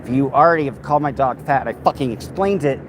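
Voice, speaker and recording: A man's voice: mid-range voice, quick pace. A man livestreaming from his phone while walking outdoors on a city street, talking casually to his chat, swearing and getting worked up. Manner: frustrated, swearing, heated then reading chat. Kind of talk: casual live stream chat. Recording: phone mic with loud street traffic. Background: street and traffic noise.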